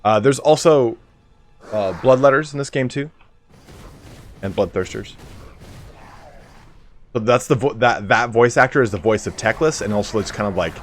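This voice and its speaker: A man's voice: medium pitch, normal speed, pauses often, soft background music. A man livestreaming a video game, chatting casually to his viewers and explaining the mechanics as he plays. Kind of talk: casual gameplay commentary.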